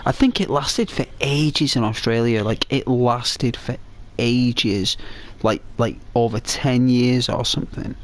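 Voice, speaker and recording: A man's voice: medium pitch, takes it slowly. A man casually chatting while playing a game, rambling and hesitant, full of fillers and restarts. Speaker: gaming channel host.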